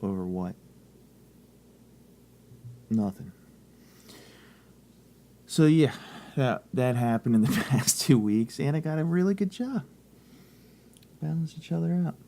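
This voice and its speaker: A man's voice: medium pitch, animated, takes it slowly, pauses often, dark tone. A man co-hosting a casual podcast, telling rambling stories and swearing freely. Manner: profane, rambling storyteller. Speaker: podcast co-host.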